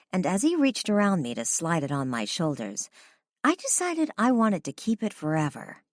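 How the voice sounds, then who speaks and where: A woman narrating a first-person romance audiobook in an expressive, conversational way. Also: sits low, no room sound, studio quality.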